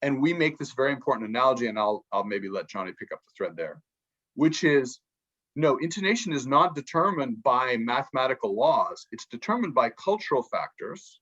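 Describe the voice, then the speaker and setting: A man, a podcast guest and book author, explaining music ideas in a lively way and acting out quotes from musicians. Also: mid-range voice, fairly quick, dull audio. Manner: animated, acts out musicians' quotes, many restarts.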